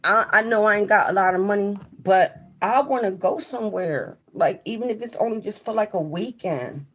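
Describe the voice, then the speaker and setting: A woman's voice: medium pitch, normal speed, a bit bright. A young woman from South Jersey with a South Jersey accent, chatting candidly and rambling on a casual livestream. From South Jersey, USA. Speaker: livestream host.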